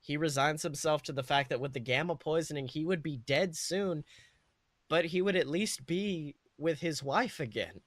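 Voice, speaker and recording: A young man hosts a podcast, narrating a comedic fan-fiction story in a rambling way, full of fillers and quick self-corrections. His voice is bright and forceful and sits slightly high for a man. The sound is dry and close. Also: no room sound. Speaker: podcast host.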